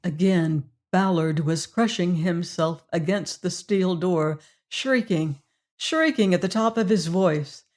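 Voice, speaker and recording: Slow, measured woman audiobook narrator. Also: on the low side, a little mellow. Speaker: audiobook reader.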